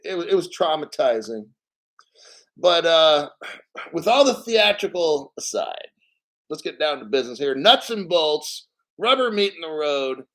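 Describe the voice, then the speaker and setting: A brash man hosting a crypto vlog, swearing freely and cracking jokes between points. His voice sits a little high for a man, and he hammers home key words by slowing right down on them. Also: big pitch swings, a bit bright. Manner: brash and profane, jokey asides; emphatic, repeats words slowly. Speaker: crypto channel host. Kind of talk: casual crypto vlog commentary.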